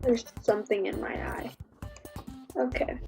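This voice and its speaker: Giggly woman streamer, high voice, keeps restarting sentences, faint music behind. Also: fairly even intonation, unhurried, darkish tone. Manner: rambling and giggly, lots of restarts. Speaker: livestream host. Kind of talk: casual reaction livestream.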